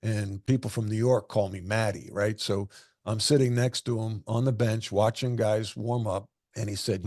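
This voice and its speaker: This is a man in his sixties with a low, mellow voice, recorded dry and close. He talks as a guest in an interview, telling earnest stories from his coaching days. He repeats phrases to drive a point home. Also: fairly even intonation, moderate pace, vocal fry, dry recording. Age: 60s. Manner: anecdotal, earnest, repeats himself for emphasis. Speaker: former basketball coach and guest. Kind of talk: storytelling interview answers.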